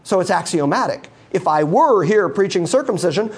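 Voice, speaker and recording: A man preaching a sermon, emphatic and repetitive, swinging from loud bursts down to quiet, low lines. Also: animated, normal speed, breathy edge. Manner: emphatic, repeating words for stress.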